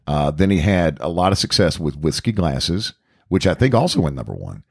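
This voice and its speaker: Deep-voiced chatty male podcast host. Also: very animated, moderate pace, vocal fry, a little mellow, slightly rough, dry recording, studio quality. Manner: chatty storyteller, laughs often. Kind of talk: casual chat.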